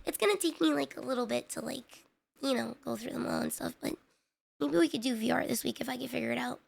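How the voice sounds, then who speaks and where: On a casual live stream, a woman talks fast in a high, creaky voice. Her chat to viewers meanders with plenty of fillers, and she keeps knocking herself while sounding plainly frustrated.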